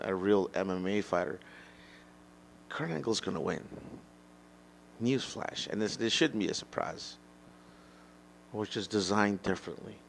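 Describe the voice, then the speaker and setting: A man's voice: deep voice, gravelly, slight background noise. A man giving a solo opinion monologue, rambling and blunt, with profanity and frequent restarts. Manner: mocks imagined critics in a raised mocking voice. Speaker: podcast host.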